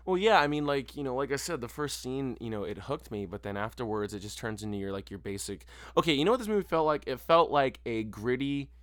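Animated swearing man on a podcast. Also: medium pitch, fast talker, hardly any pauses, no room sound. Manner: animated, swears a lot, mimics voices. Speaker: podcast co-host. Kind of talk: casual chat.

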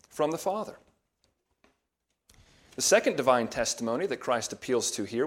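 A pastor preaches an expository sermon, guiding listeners verse by verse through a passage. He speaks in an ordinary mid-range voice, measured and patient, lifting his tone to stress the words that carry the point.

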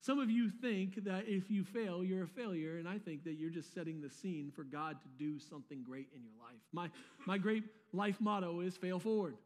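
A man with a high, bright-toned voice preaches a sermon, his words carrying a long reverb from a large church hall. He talks casually and conversationally, dropping in slangy asides and repeating words as he goes. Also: normal speed. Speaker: pastor.

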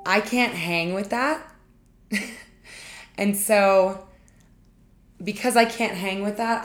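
A woman relationship coach hosting her own podcast, speaking in a chatty, informal way straight to her listeners. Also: medium pitch. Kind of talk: solo podcast monologue. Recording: echoey room.

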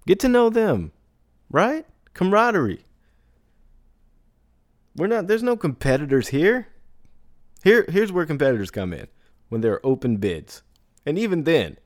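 A man's voice: mid-range voice, no echo, studio quality. A man hosting a podcast who talks casually, often asking "right?" and laughing as he goes. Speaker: podcast host. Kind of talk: casual solo podcast talk.

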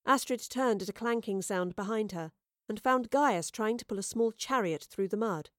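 A woman narrating a storybook, reading in a measured, expressive way and doing voices for the characters. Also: mid-range voice, dry recording, studio quality.

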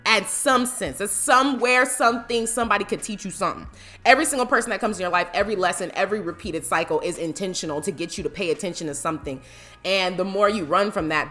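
Woman preaching faith and hustle, punchy and bright, soft music in the back. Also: fairly low pitch. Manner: emphatic, preachy, acts out quoted voices. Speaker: motivational speaker. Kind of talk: casual motivational talk on faith.

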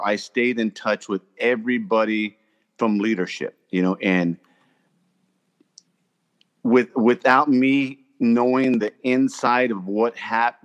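A man who served in the army and works as a golf pro, telling a story in a casual chat and acting out what people said. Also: mid-range voice. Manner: animated storyteller, acts out quotes loudly.

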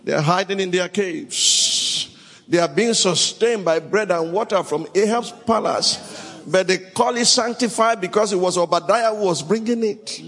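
A man's voice: high voice, normal speed, husky. A man preaching a sermon, reading scripture and calling out to the congregation in dramatic bursts. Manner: dramatic, shouting bursts, Bible reading, call-and-response. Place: large hall with congregation. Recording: echoey hall.

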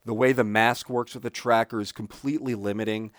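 A man, a colorist and trainer, speaking frankly and a bit haltingly in a podcast chat. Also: lowish voice, steady tone, no echo, clean studio sound. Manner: frank, hesitant, restarts his sentences. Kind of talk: casual podcast discussion.

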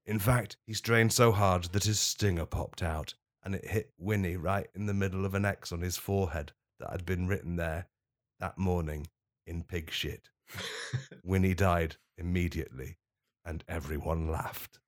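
A young man in casual comedic chat, reading absurd stories deadpan and giggling. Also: low-pitched, moderate pace. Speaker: podcast co-host.

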